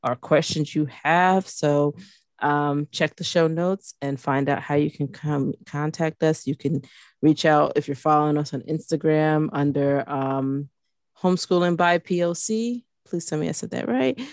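A woman's voice: low voice, a little slow, no echo, studio quality. A middle-aged woman co-hosting a podcast in casual chat, chatty and full of fillers. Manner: chatty, full of fillers, animated when joking. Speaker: podcast co-host.

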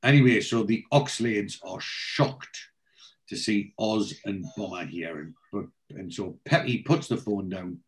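A man's voice: fairly low pitch, a little slow, poor audio. A man casually recapping a TV episode, rambling with many fillers.

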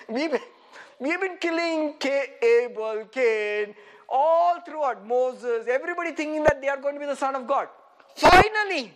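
Delivering an animated sermon at normal speed, a very high-voiced man laughs frequently and poses rhetorical questions to the congregation. The recording is very noisy.

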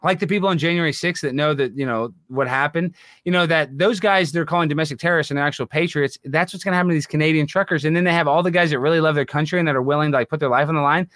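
A man hosting a casual podcast chat, rambling excitably with many restarts, on a close dry mic. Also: a little high, rapid-fire, no room sound. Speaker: podcast host and prank caller.

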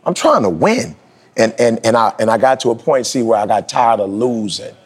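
A podcast host in his forties gives a motivational talk in emphatic, slangy street speech, his pitch leaping high whenever he presses a point. Otherwise his intonation is fairly even, his pace a little fast, and his tone darkish.

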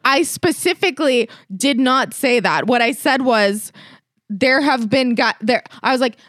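A woman's voice: high-pitched, a little slow, dry recording, clean studio sound. A young adult woman co-hosting a podcast, telling stories in casual chat and swearing freely. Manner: animated, swears freely, storytelling. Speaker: podcast co-host.

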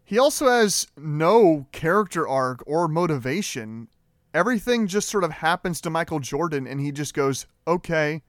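A young man with a rather high voice hosts a movie podcast, talking in a casual, animated and opinionated way. His fillers and restarts come often. The sound is dry and close to the mic, with no room around it. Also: moderate pace, no echo. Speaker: podcast host. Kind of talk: casual movie review chat.

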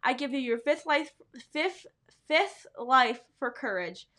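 A woman's voice: sits high, expressive, slow pace, fairly bright tone, full character voice. A woman voicing a male warrior cat spirit who speaks in a ceremonial, formal way.

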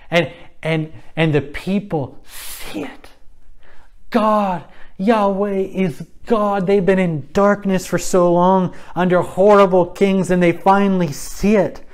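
Conversational male Bible storyteller. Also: a little high. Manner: conversational, with casual asides. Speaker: Bible teacher. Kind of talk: retelling scripture as a story.

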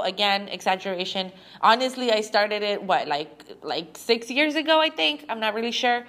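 A young woman talks to her listeners in a halting, emotional monologue, restarting her sentences as tears come close. Her voice is bright and sits a little high. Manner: halting, with frequent restarts and fillers. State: teary. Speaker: podcast host.

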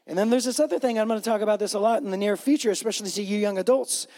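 A male pastor with a high voice delivers an earnest sermon, circling back to key phrases and speaking straight to his congregation. His voice rings out with a long reverb, as if from a large hall. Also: rapid-fire, a little mellow. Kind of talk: sermon retelling a gospel story.

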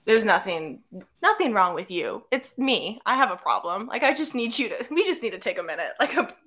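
Young woman co-host just chatting, bright forceful voice, tells stories by doing everybody's lines. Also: medium pitch, a little fast. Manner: animated storytelling, acting out quotes. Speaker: podcast co-host. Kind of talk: casual chat.

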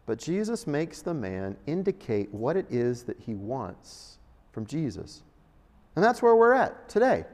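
A man preaching a sermon in a conversational, emphatic way, with sudden bursts of loudness. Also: medium pitch, big pitch swings, measured pace. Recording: long hall reverb.

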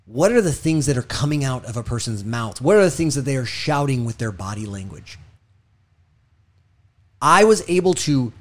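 A man who was a hostage negotiator, giving a motivational talk. He is emphatic and repeats himself, rising when telling stories and dropping low and quiet on key lessons.

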